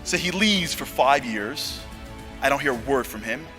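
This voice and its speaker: An American man telling a story to an audience, acting out the dialogue and swinging from hushed asides to loud exclamations. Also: mid-range voice, animated, normal speed, soft background music. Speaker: motivational speaker. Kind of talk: animated storytelling talk.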